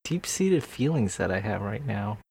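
A man's voice: lowish voice, big pitch swings, moderate pace, gravelly, crowd noise. A man co-hosting a podcast in casual chat, with wry remarks and laughing asides. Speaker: podcast co-host.

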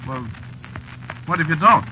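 An actor playing a working-class male cab driver who narrates, using folksy slang, excitable and nervous, in 1940s radio drama style. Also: fairly high pitch, a little slow. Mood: jumpy. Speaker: narrator and lead. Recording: dull old radio recording with faint hiss.

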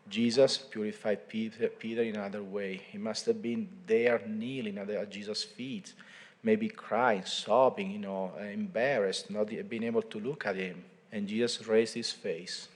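A priest with a fairly low voice gives a homily, walking through scripture as if telling a story to friends. His words ring out with the long reverb of a large church. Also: a little mellow. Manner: informal storytelling, retelling scripture conversationally.

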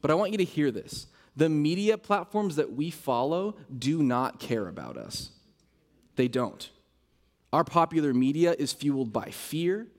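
Earnest preaching man, fairly high voice. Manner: earnest, preaching with rhetorical questions. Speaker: pastor. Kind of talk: sermon.

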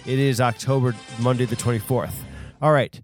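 A man's voice: mid-range voice, steady tone, normal speed, faint music behind. Rambling man hosting a comedy podcast. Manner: rambling, self-interrupting, absurd tangents. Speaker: podcast host. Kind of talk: solo comedic podcast monologue.

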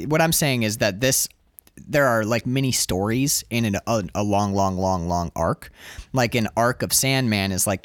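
A man's voice: fairly low pitch, no echo, clean studio sound. A man in casual chat as a podcast co-host, rambling with lots of fillers and restarts. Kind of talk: casual chat about comics.

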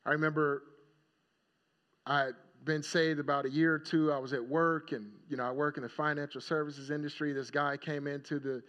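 A male pastor with a fairly high, level voice delivers a sermon a little quickly, his tone slightly bright. He tells stories conversationally and keeps checking in with the congregation by asking "right?", all on a dull lo-fi recording.

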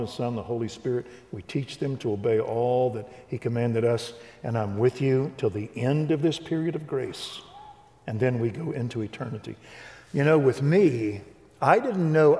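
An older man who tells his faith story in an animated preaching style, acting out the dialogue. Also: medium pitch. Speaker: Christian speaker. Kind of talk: preaching testimony. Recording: reverberant hall.

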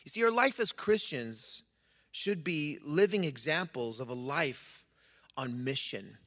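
A man's voice: fairly high pitch, animated, unhurried, fairly bright tone. A man preaching as a church pastor. He reads scripture and then talks casually to the congregation, with many restarts. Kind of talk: sermon with scripture reading. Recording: long reverb of a hall.

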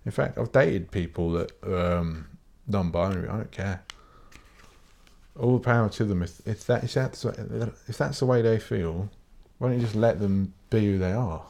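A man's voice: lowish voice, moderate pace, gravelly, mellow. A British man hosting a solo podcast, ranting in a blunt, sweary, rambling way with frequent restarts. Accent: British English. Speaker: podcast host. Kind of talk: casual solo podcast rant.

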